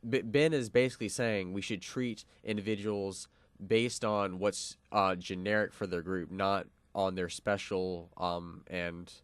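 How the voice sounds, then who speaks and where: Young guy on college radio, really low voice, lots of ums, dry studio sound. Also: fairly even intonation, measured pace, clear, resonant tone, no echo. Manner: many fillers and restarts, explanatory. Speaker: radio show co-host. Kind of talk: casual philosophical discussion.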